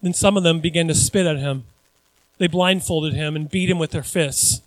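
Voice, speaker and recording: A man preaching a sermon in an animated, conversational way, with frequent asides to the congregation. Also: fairly high pitch, normal speed, no room sound, poor audio. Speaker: pastor.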